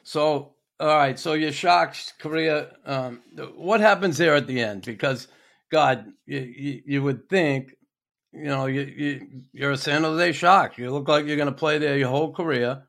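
A man's voice: fairly high pitch, unhurried, creaky, a bit bright. Easygoing man hosting a podcast. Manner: easygoing, frequent affirmations and fillers. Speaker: podcast host. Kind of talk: casual chat.

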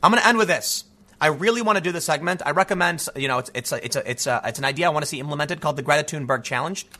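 A man's voice: a little high, very fast, sharp tone. A man giving combative political commentary, talking emphatically with casual asides. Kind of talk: ranting commentary.

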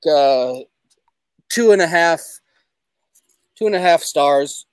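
A man's voice: fairly high pitch, animated, slow, smooth, dry recording. A man chatting as a guest on a comedy podcast, rambling with many "like"s. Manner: rambling, heavy use of "like". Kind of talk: casual comedic chat.

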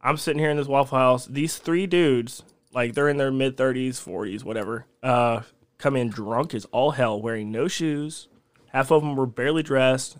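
Animated man telling stories. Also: mid-range voice, normal speed. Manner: animated, profane storyteller who laughs at his own tales. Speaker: podcast guest. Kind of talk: casual storytelling chat.

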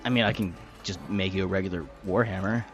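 A man's voice: low-pitched, fairly even intonation, fast. A man running a tabletop game as game master, narrating casually with fillers and the odd swear. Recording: slightly muffled recording with faint music.

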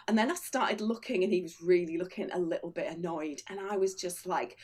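A woman's voice: mid-range voice, expressive, brisk, few pauses, a little mellow, breathy edge. A middle-aged woman, an illustrator, telling a funny story on a chat show and laughing through her lines. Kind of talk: comic anecdote on a chat show.

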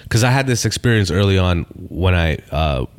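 A man's voice: low voice, expressive, moderate pace, smooth. A man, a stand-up comedian and podcast guest, talks laid-back in casual chat, swearing freely and repeating phrases. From Canada.

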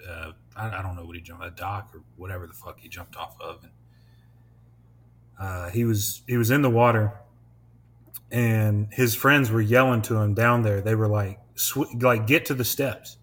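A man's voice: fairly low pitch, steady tone, normal speed, fairly bright tone. A young man hosting a podcast, chatting casually, rambling and laughing often, with lots of swearing. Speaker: podcast host. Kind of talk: casual chat.

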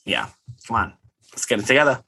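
A man's voice: medium pitch, big pitch swings, brisk, vocal fry, background noise. A man co-hosting a podcast, chatting casually and acting out scenes with lots of "like". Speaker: podcast co-host. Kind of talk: casual recap chat.

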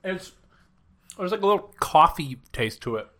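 Guy co-hosting a podcast, teasing and playful, really lively delivery. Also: fairly high pitch, normal speed. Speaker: podcast co-host. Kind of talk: casual chat.

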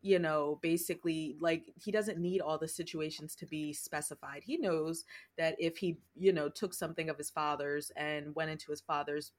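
Low-voiced woman rambling on a podcast. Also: fairly even intonation. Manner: rambling, halting, many fillers and laughs. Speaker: podcast co-host. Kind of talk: casual chat.

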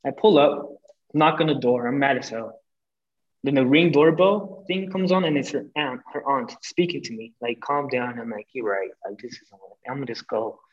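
A young man, a podcast guest, telling a breakup story in casual chat, animated and full of swearing, acting out what people said. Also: mid-range voice, normal speed, dull audio. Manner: animated, profane, acts out quoted lines.

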